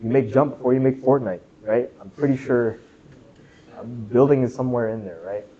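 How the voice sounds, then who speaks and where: This lo-fi recording captures a young man at normal speed, his voice mid-range, leading a casual club lecture in a classroom. He jokes, chats, puts questions to the students, and leans on "right?" a lot.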